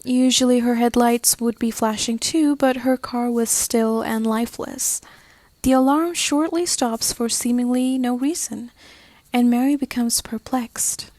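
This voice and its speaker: A woman narrating a scripted horror story, often dropping to a hushed, slow, whispery delivery. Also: fairly high pitch, fairly even intonation, dry recording. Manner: hushed, slowing to whispery dread.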